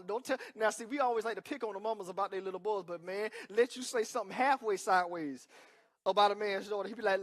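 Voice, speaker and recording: Brisk and high in register, a male pastor preaches a sermon that swings between loud declarations and quiet remarks. He drops in emphatic call-and-response asides throughout.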